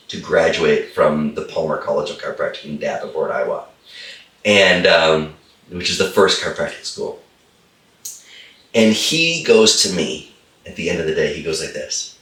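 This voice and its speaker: Deep-voiced, emphatic middle-aged man. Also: expressive, moderate pace, fairly bright tone, roomy sound, recorded from a distance. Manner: repeats phrases for emphasis, enthusiastic. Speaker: holistic chiropractor, guest. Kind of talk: animated storytelling in a conversation.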